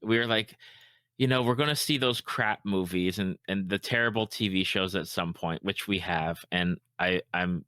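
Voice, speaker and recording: A middle-aged man hosting a podcast in casual chat, animated and quick to laugh. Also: deep voice, smooth, no room sound, studio quality. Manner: laughs easily, animated storytelling. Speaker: podcast host.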